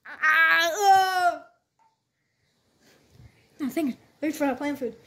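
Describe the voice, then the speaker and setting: A woman doing playful toy role-play, voicing every character with bouncy, excitable lines and frequent sound effects. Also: high-pitched, fast.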